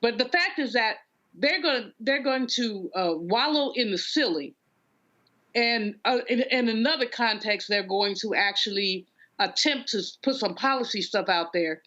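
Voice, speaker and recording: Woman panelist, fairly high voice, blunt and wry, dull remote audio. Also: expressive, moderate pace, sharp tone. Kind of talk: political panel commentary.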